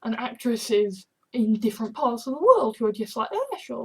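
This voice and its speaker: High-pitched exasperated woman. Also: big pitch swings, moderate pace, darkish tone, breathy edge. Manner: profane, exasperated. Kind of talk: rambling monologue.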